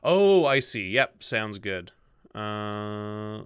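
A man's voice: medium pitch, moderate pace, bright, forceful tone, clear, resonant tone, no echo, clean studio sound. A man running a tabletop role-playing game as game master, describing the scene and rules with many fillers and asides to himself. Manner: many fillers, mutters to himself while setting things up.

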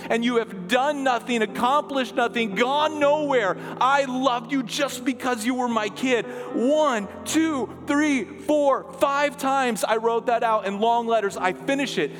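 Man, middle-aged, pastor, passionate sermon, high voice, soft music beneath. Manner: passionate, emphatic preaching that drops to soft, hushed lines. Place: church sanctuary. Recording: long hall reverb, music underneath.

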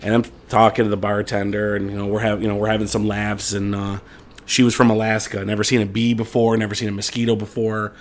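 A man co-hosting a podcast, telling a casual story with lots of quoted back-and-forth dialogue. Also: fairly low pitch. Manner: fast, animated anecdote-telling with quoted dialogue. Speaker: podcast co-host.

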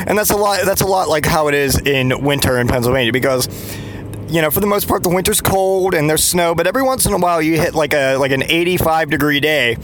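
A man's voice: a little high, a bit bright, slight background noise. A man hosting a podcast, ranting in a casual comedic monologue full of swearing, sarcasm and restarts. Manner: profane, sarcastic rambling rant; frequent restarts and trailing asides. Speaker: podcast host.

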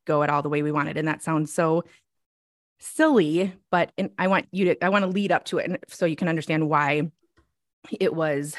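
A woman's voice: low voice, fairly even intonation, moderate pace, no echo, studio quality. A woman in her forties co-hosting a casual faith podcast, chatty and laughing often, a little out of breath. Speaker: podcast co-host.

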